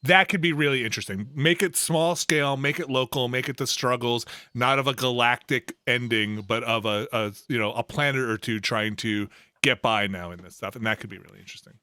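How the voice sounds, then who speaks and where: A man's voice: mid-range voice, brisk, no room sound, studio quality. Laughing man riffing on a podcast. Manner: laughs often, animated riffing. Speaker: podcast co-host. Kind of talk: casual chat.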